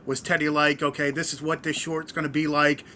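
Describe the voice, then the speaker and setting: A man co-hosting a podcast, with a somewhat high and sharply bright voice. He rambles through his points, padding them with fillers. Faint hiss sits underneath. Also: flat delivery, fairly quick. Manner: rambling, many "you know" fillers. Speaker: podcast co-host. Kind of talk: casual podcast interview.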